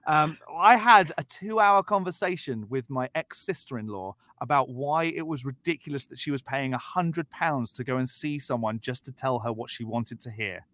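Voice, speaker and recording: A man's voice: mid-range voice, moderate pace, few pauses, a bit bright, dry recording. A man from the south of England with a Southern English accent, telling stories animatedly as a podcast guest and acting out quoted voices. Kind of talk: casual storytelling chat.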